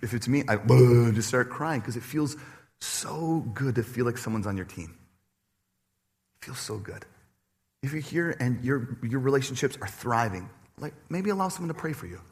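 Male pastor, sermon, animated, mid-pitched voice, acts out quotes, church stage. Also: normal speed. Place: church stage before a congregation.

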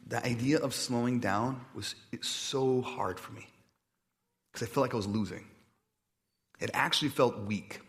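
A man delivering a sermon in a casual, conversational way, with self-deprecating stories and many asides, often dropping quiet and slow on reflective points. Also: medium pitch. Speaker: pastor.

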